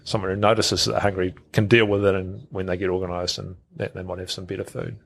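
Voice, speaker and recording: A man's voice: low voice, little pitch movement, fast talker, vocal fry, fairly bright tone. A middle-aged man, a podcast guest who talks casually, repeats words and acts out quoted thoughts. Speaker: guest, health researcher.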